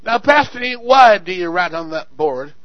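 A male pastor delivers a sermon in a high, lifted voice, dropping low for asides, then shouting calls to the congregation and hammering on repeated words. The sound is dry and close, with a slightly dull, muffled tone. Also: lively intonation, normal speed, no echo. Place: church sanctuary.

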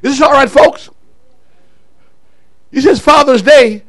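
High-voiced, fiery male preacher. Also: slow, dry recording, rough recording. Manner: animated, shouting, chuckling asides. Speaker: pastor. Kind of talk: sermon.

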